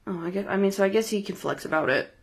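A woman's voice: medium pitch, very fast. A woman co-hosting a podcast in casual chat, reacting bluntly and teasing her friend. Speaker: podcast co-host.

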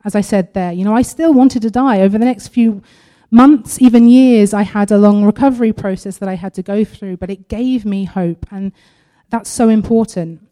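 A woman sharing a personal testimony at a church service, earnest and halting, partly reading aloud from her own writing. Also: medium pitch, warm tone. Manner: earnest and halting, with frequent pauses.

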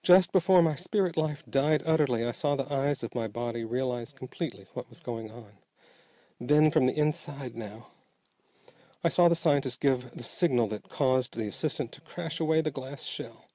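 A man narrates an audiobook story in a dramatic, measured way. His voice is mellow and dark, at a middle pitch. It is recorded close and dry. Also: no room sound.

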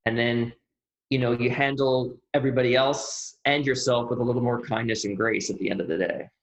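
Animated man in a roomy echo. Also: mid-range voice, a little fast, creaky. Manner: animated, acts out quoted inner voices; laughs often while talking. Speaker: podcast guest. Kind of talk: conversational interview.

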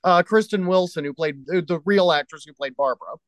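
A man's voice: high voice, brisk, no room sound, low-quality recording. A man co-hosting a podcast, chatting easily about a movie and reading facts aloud from online. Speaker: podcast co-host. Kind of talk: casual movie-review chat.

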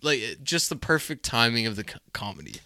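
Bright, smooth man in casual film chat. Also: medium pitch, very animated, a little fast, no room sound, studio quality. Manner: rambling retellings of scenes, lots of likes and ums. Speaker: podcast co-host.

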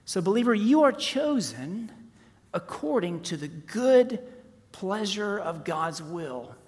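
A man in his forties preaching a sermon, rising to loud emphasis and dropping to hushed, near-whispered softness. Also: sits high, sing-song, slow pace. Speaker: pastor. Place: church sanctuary. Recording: long reverb of a large hall.

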